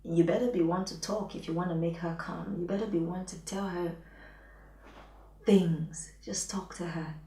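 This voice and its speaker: A woman's voice: lowish voice, steady tone, moderate pace, warm tone. Frank woman, distant echoey room. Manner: frank and playful, often drops to a whisper. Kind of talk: advice vlog talking to camera.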